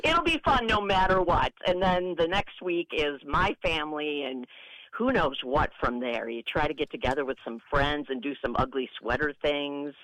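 A woman's voice: low voice, lively intonation, moderate pace, fairly bright tone, no echo, low-quality recording. Friendly middle-aged woman radio guest, bouncy sing-song voice, dry sound. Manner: friendly, laughing, storytelling. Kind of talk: casual radio chat.

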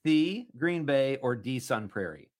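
A man's voice: medium pitch, animated, measured pace. A man hosting a casual talk show quiz. He is upbeat, laughs often, and reads the questions with emphasis. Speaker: radio show host.

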